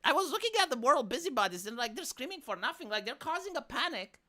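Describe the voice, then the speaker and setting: A woman's voice: sits high, quick pace. A woman with a Romanian accent, ranting in casual, profane commentary on a live stream. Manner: profane, exasperated, animated.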